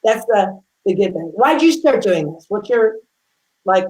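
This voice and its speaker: A woman's voice: medium pitch, a little slow, poor audio. Chatty woman chef telling stories. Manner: lively storyteller who acts out quotes. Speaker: guest chef. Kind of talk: casual interview chat.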